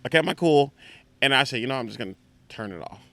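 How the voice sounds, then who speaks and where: A comedian telling a wild story, swearing freely and slipping into high voices for the people in it. His voice is bright with a gravelly edge, and the sound is dry and close. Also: quick pace, dry recording. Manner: profane, animated, acts out other voices in high pitch. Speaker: comedian guest. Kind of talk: casual storytelling.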